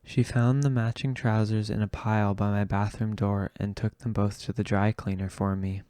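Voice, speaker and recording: A man reading an audiobook aloud in a slow, measured way. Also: on the low side, level tone, warm tone, clear, resonant tone, dry recording. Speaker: audiobook reader. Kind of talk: audiobook narration.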